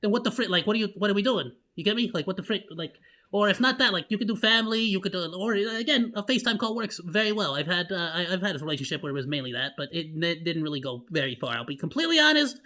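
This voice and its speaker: A man hosting a casual reaction stream, loud and rambling with many restarts. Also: sits high, lively intonation, quick pace. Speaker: vtuber host.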